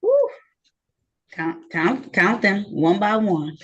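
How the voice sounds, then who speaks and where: A woman judge presiding over virtual court proceedings on a video call, brisk and friendly, reading case numbers slowly and deliberately. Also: mid-range voice, muffled recording, slight background noise.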